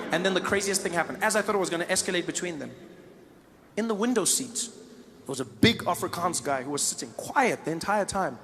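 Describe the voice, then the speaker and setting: A man from Africa, doing stand-up with animated storytelling. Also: high voice, brisk, big-room sound, background noise. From South Africa. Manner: animated storytelling, laughing asides. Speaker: stand-up comedian. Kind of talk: stand-up comedy.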